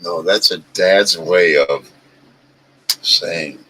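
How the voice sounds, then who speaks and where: Gravelly low-voiced man, emphatic. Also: drawn-out words, pushed and bright, rough recording. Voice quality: gravelly, deep voice. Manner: emphatic, advising, repeats himself. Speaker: guest. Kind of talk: casual chat.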